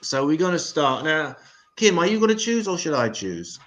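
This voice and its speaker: A man's voice: on the high side, sing-song, normal speed, a bit bright, low-quality recording. An English man hosting an open mic comedy show, with profane, self-mocking stand-up banter. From England.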